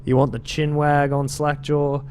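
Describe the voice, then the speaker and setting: A man's voice: fairly high pitch, little pitch movement, a little slow, darkish tone, slight background noise, voice pushed up, close to an everyday voice. A man voicing a male street gang member telling tales in an attempted British accent, reading game lore aloud in a slangy, loose delivery. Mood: storytelling.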